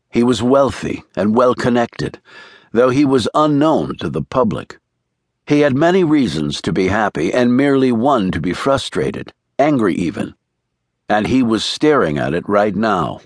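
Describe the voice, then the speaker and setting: A man narrating a thriller audiobook in a measured, even storytelling manner. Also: medium pitch, no echo, clean studio sound.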